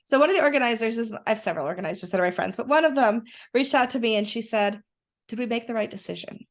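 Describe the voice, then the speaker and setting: A woman's voice: fairly high pitch, expressive, very fast. A woman chatting as a guest, enthusiastic and rambling with many restarts. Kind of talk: casual conversation.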